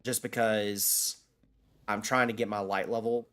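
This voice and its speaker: A man with a fairly low voice chats casually while streaming a game. He rambles, restarts sentences and fills pauses with "um" as he answers his viewers. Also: little pitch movement, fairly bright tone. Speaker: gaming streamer. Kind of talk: casual live-stream chat while gaming.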